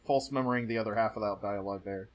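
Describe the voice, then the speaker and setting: Talking fast in a lowish voice, this male co-host runs through an episode recap on a podcast. The tone is chatty and loose, full of jokes and frequent laughter.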